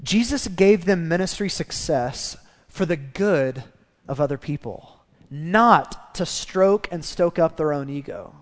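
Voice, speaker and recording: A man preaching a sermon as pastor, animated, acting out the voices of the people in his story. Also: a little high, takes it slowly, in a large hall.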